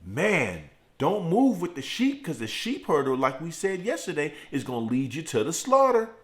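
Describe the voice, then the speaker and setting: Middle-aged man, motivational live stream, home garage, fired-up preaching, repetitive phrasing, voice held down low. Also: wildly swooping pitch, a bit bright. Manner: fired-up preaching with repeated phrases, speaking in a deliberately lowered voice. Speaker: host of a morning motivational show.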